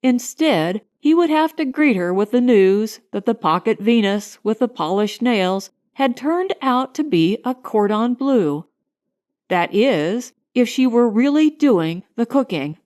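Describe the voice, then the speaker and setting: A woman with a voice on the high side narrates a light romantic comedy audiobook. She tells the story expressively and without hurry.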